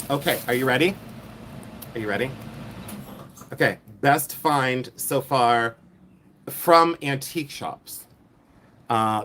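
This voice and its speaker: Picture an excitable man from Ohio hosting a live stream, chatting away with his viewers. He repeats himself and teases them as he shows off his finds. His voice sits at an ordinary pitch for a man. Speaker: reseller livestream host. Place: outdoors in the heat.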